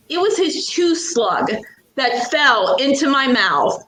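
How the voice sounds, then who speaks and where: A young adult woman from Pittsburgh, a guest author telling a story in a lively, laughing way. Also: high-pitched, slow pace. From Pittsburgh, USA. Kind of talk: casual storytelling. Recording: echoey room.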